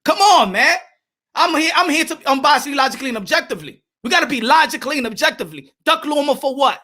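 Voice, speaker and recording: A man's voice: very high voice, expressive, fast, sharp tone. A man hosting a boxing livestream, ranting heatedly and profanely as he talks to his chat. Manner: heated, profane, repeats himself. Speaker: boxing commentator. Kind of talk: livestream rant reading chat.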